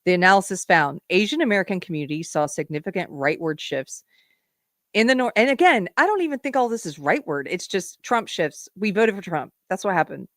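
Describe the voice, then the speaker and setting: A woman hosting a live political commentary show, sarcastic and animated, often breaking into laughter. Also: fairly low pitch, brisk, no room sound, clean studio sound. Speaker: host.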